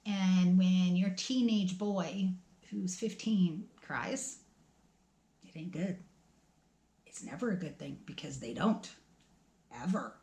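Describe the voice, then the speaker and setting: A woman's voice: mid-range voice, darkish tone. Emotional middle-aged woman vlogging, echoey. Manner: halting, emotional, many restarts and trailing off. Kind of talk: tearful personal vlog talk.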